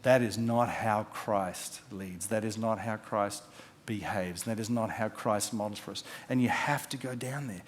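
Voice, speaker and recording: A man, a pastor preaching a sermon, telling stories and acting out the quotes, dropping from loud to hushed. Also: lowish voice, a little slow, slight background noise. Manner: storytelling with acted-out quotes, swinging from loud to hushed.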